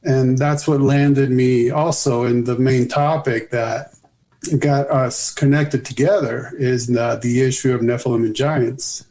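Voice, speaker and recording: A man's voice: medium pitch, fairly even intonation, unhurried, warm tone. A man, an author guest on a podcast interview, talking in a rambling, hesitant way with dry humor. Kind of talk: casual interview chat.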